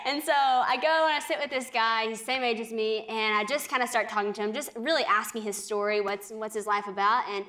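A woman's voice: fairly high pitch, fairly even intonation, a little fast, hardly any pauses, pushed and bright. A young woman on a faith talk show, telling a personal story earnestly, with frequent "like" and small laughs. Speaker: guest speaker.

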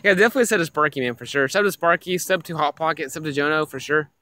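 Excitable young man streaming a mobile game. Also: a little high, fast talker. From Tennessee. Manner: excitable, repeats himself, addresses chat as guys. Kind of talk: casual live-stream gaming chat.

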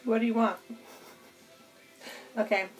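A woman's voice: fairly high pitch, fairly even intonation, unhurried, over music. A woman streaming cosplay work from home, chatting casually with viewers and her pet bird, laughing often. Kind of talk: casual live stream chat.

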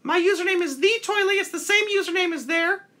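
A man's voice: extremely high pitch, fairly quick, pushed and bright. A man voicing a cheery male toilet paper puppet who hosts a live call-in show with chatty, playful talk. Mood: cheerful. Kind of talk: live stream call-in chat.

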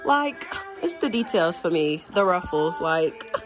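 Animated young woman vlogger. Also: a little slow, music in the background. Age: young adult. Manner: animated and gushing, with a high baby-talk voice for the infants. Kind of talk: casual vlog chat.

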